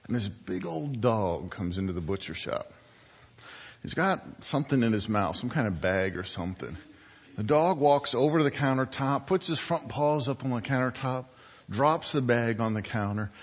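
A man preaching a storytelling sermon in a church, drawing his listeners in with rhetorical questions. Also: medium pitch. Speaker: guest preacher. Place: church sanctuary. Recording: dull church recording with long hall reverb.

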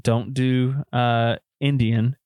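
A man's voice: medium pitch, level tone, takes it slowly, darkish tone, clean tone, no room sound. A man chatting on a podcast, telling rambling jokey stories. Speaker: podcast co-host. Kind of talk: casual chat.

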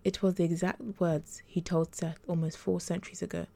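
A woman reading her own fantasy romance novel aloud as a podcast storyteller, steady and unhurried. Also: fairly low pitch, vocal fry.

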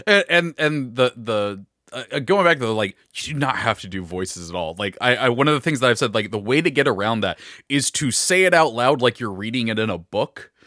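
A man's voice: mid-range voice, a little fast, no room sound, clean studio sound. A man chatting casually as a podcast co-host and game master, laughing often. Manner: lively, laughs often, bright tone. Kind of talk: casual chat.

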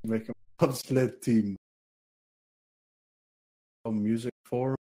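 Relaxed man who laughs a lot. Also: mid-range voice, slow pace. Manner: relaxed, profane, laughs often. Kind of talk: casual chat.

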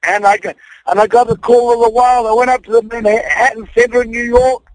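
An older man with a New Zealand accent, a guest wrestler joking loudly and brashly in a rowdy interview. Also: very high voice, fairly even intonation, fairly quick, no echo, poor audio. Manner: loud, brash, jokey, says bloody and mate.

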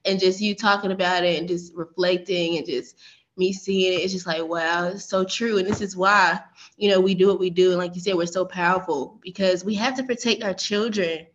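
A woman's voice: on the low side, steady tone, fairly quick. A woman who co-hosts a podcast and used to be a teacher, speaking in a heartfelt and emotional way with many fillers. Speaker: podcast co-host, former teacher. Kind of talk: casual podcast conversation. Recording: dull, slightly lo-fi sound.

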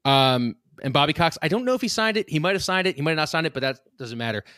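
A man's voice: on the high side, expressive, quick pace, fairly bright tone, no echo, clean studio sound. Young Philly guy telling rambling stories. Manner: rambling anecdotes with laughs and restarts. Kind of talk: casual storytelling chat.

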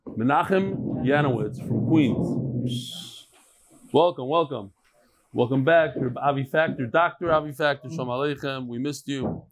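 A man's voice: mid-range voice, unhurried. A man hosting a daily Talmud class, greeting guests in a study hall and reading emails aloud in a chatty, playful way. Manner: energetic, chatty, calls out to guests in the room. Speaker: Talmud teacher.

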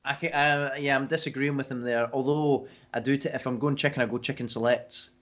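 A man speaks hesitantly on a casual podcast, stumbling over his words. His voice sits at a middling pitch. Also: steady tone, fairly quick, a bit bright. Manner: hesitant, stammering restarts. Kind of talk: casual banter.

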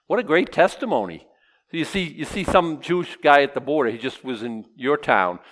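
A man's voice: on the high side, expressive, a little fast, a bit bright. A man preaching a casual, humorous sermon, stopping to joke and voice imagined objections. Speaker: pastor. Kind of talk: sermon with verse-by-verse teaching.

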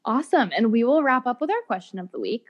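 A woman's voice: fairly high pitch, lively intonation, fast, highs cut off, very noisy. A young woman co-hosting a podcast, enthusiastic and slangy in casual celebrity chat. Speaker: podcast co-host.

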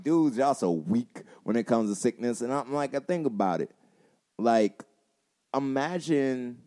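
A man's voice: medium pitch, darkish tone. A young man co-hosting a podcast, talking in a laid-back, slangy way and laughing often. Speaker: podcast co-host and school teacher. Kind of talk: casual podcast chat.

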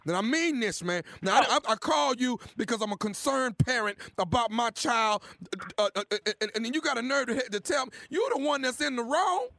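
Guy doing an angry dad on a prank call, high sharp voice, threatening. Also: brisk, creaky, hardly any pauses, no echo, clean studio sound, heavily acted. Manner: confrontational, threatening. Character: angry man posing as a concerned father.

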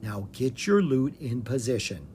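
A narrator voicing a calm, patient wandering bard who turns commanding in danger. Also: mid-range voice, a little slow, slight background noise. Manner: steady, commanding when urgent.

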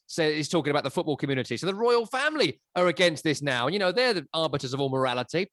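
Man, podcast co-host, lively pitch, dry close sound, opinionated football chat. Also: very fast, no echo. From England. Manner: animated, opinionated, sweeping rhetorical riffs.

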